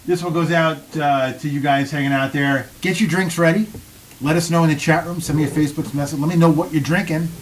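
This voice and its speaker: A man's voice: fairly high pitch, fairly even intonation, a little fast, a little hiss or hum. A man hosting a radio show from a studio, joking and swearing in casual chat with his guests. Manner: rowdy, joking, profane. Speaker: radio host.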